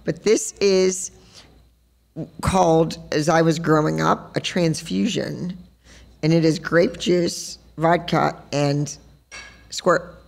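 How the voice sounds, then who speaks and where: Woman podcast host, gravelly and low, chatty storyteller on a live stage. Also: fairly even intonation, slow pace, pauses often. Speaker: podcast host and dance teacher. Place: sports bar, live show.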